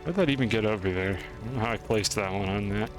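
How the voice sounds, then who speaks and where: Self-mocking streamer, lowish male voice. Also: fast talker, over music. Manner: rambling, self-deprecating. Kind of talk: gameplay commentary.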